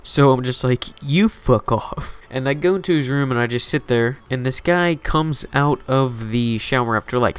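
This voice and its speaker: A man's voice: mid-range voice, clean tone. A man telling a story to his channel in a loose, rambling way, swearing often and leaning on filler words. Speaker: YouTube storyteller. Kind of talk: casual storytime narration. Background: faint background music.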